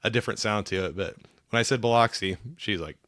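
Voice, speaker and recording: Low-voiced man from Iowa, self-mocking anecdote teller, dry sound, casual host. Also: fast talker, fairly bright tone, dry recording. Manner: storyteller who acts out quoted people and laughs at himself. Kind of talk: casual chat.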